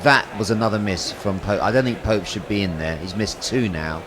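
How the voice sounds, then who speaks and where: A man's voice: fairly low pitch, a little fast, background noise. A man co-commentating cricket on radio, teasing and provoking his partner with pointed questions.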